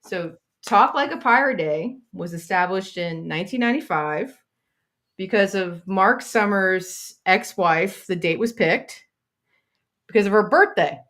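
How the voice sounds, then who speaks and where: A woman co-hosting a casual interview show, chatty and joking with quick asides. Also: medium pitch, animated, a bit bright. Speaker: podcast co-host.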